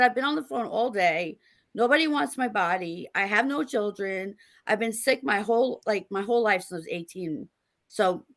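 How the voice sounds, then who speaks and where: A middle-aged woman, a guest author on a podcast, tells stories in a lively, laughing way and acts out the people she quotes. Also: mid-range voice. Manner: animated, laughing storyteller acting out quotes. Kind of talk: casual interview storytelling.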